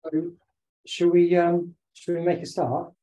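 A man, slightly hoarse from talking all day, giving a conversational online presentation with many filler sounds. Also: high voice, completely flat delivery, a little slow, dark tone, poor audio. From United Kingdom. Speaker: webinar presenter and business owner. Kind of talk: online presentation over slides.

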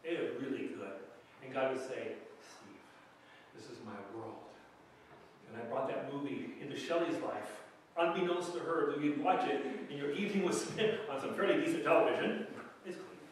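A man's voice: a little high, a little fast, recorded from a distance, a little hiss or hum. A man preaching a sermon as pastor, conversational and storytelling, sometimes acting out quoted voices. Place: church sanctuary. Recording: very echoey church hall from afar.

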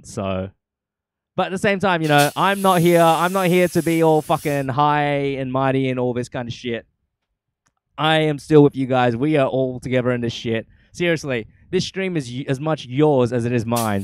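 A man's voice: medium pitch, normal speed, no echo. A young man who DJs and streams, chatting casually between mixes, telling a rambling story with lots of swearing. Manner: excitable, profane, rambling storyteller. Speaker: DJ and live streamer. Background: faint dance music.

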